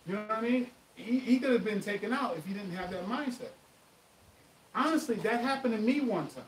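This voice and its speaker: This fairly high-voiced man runs a live stream answering martial arts questions, chatting briskly and spinning stories with lively emphasis. The sound comes from a distance, off-mic, in an echoey room with a faint hiss.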